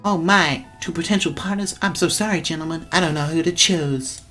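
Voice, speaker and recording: A man puts on a shy young woman student from a dating game, pitched well above his own voice. She sounds hesitant and flustered, with light music playing behind her. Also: fairly quick, bright, forceful tone.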